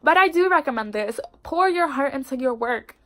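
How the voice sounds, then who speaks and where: A young woman with a congested voice reviewing a book in casual, expressive chat. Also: high voice, normal speed. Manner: expressive and chatty, fillers like "like". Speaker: book vlogger.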